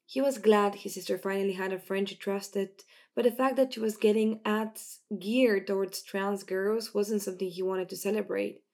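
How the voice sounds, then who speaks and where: A woman narrating an audiobook in a steady, even storytelling manner. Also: mid-range voice, moderate pace, few pauses.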